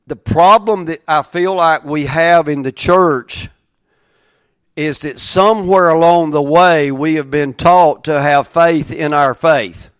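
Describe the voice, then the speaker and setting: A man preaching a sermon, moving from quiet reflective reading to raised, emphatic preaching. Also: a little high, slow, clean tone, dry recording. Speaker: pastor.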